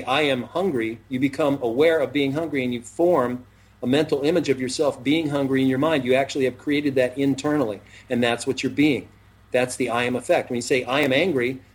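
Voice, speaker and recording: Middle-aged male self-help host, husky, preachy, drags out key phrases for emphasis. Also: medium pitch. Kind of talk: motivational talk-show chat.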